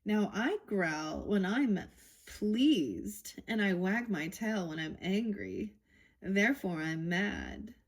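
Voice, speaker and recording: A sly, teasing male cat from a storybook, read aloud by a woman. The voice stays close to an everyday reading voice, at a middling pitch, unhurried and dry in its logic. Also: animated.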